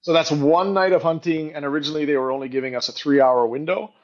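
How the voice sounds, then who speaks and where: A middle-aged man telling stories in a casual podcast interview, animated and quick to act out what others said. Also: fairly high pitch, highs cut off. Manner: animated storyteller, acts out quoted voices, frequent "like". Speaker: guest, company co-founder and CEO.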